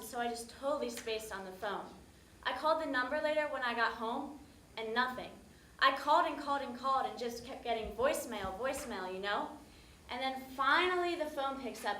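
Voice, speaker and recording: A woman's voice: normal speed, bright, forceful tone, a little hiss or hum. A woman playing an exasperated young woman. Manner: casual, swearing, acts out shrill calls. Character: young woman who lost her phone, tired and exasperated. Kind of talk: stage monologue. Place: theater stage. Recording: echoey stage room.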